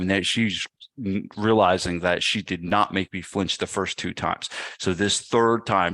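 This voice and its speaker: A man's voice: sits low, dry recording. A man, a gym owner and podcast guest, telling a story casually and acting out what people said. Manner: animated, acts out quotes.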